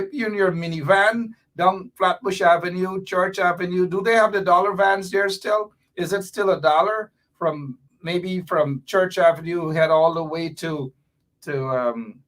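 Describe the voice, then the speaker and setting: Guy hosting a live talk show, high voice, chatty, keeps laughing between bits. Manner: chatty, animated, laughing asides. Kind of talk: casual live-show chat.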